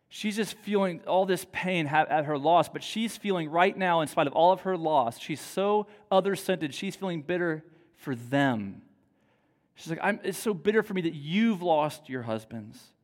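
A man preaching a sermon, reading scripture aloud and retelling it with expressive, dramatic paraphrase. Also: a little high. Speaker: pastor. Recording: long reverb of a large hall.

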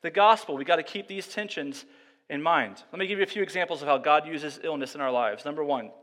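A man preaching from the pulpit with a bright, forceful tone and a slightly high voice. He swings from hushed, unhurried musing into loud, driving emphasis. His voice rings out with a long reverb, as in a big hall. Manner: shifts between quiet, slow musing and loud, emphatic passages. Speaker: pastor. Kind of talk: sermon.

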